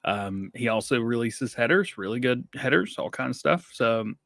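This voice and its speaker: A man's voice: mid-range voice, lively intonation, normal speed, vocal fry, a bit bright, no room sound, studio quality. A man co-hosting a casual gaming podcast, chatty and rambling, laughing often. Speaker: podcast co-host.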